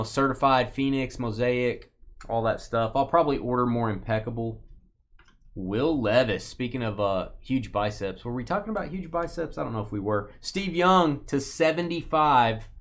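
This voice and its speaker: A man hosting a live card break, joking casually and reading off lists of names and teams. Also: mid-range voice. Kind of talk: casual live-stream chat while opening cards.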